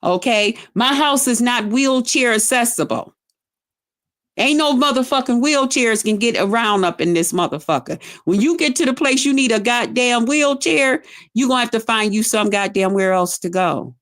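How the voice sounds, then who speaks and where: Middle-aged woman vlogger, fairly high voice, loud cursing rant, taunting and emphatic delivery. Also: animated, moderate pace. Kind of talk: profane on-camera rant.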